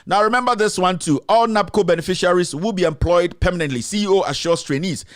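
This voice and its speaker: A man's voice: high-pitched, fast, no room sound, studio quality. A Ghanaian man hosting a live political commentary stream, speaking in an impassioned, repetitive way and switching between English and Twi.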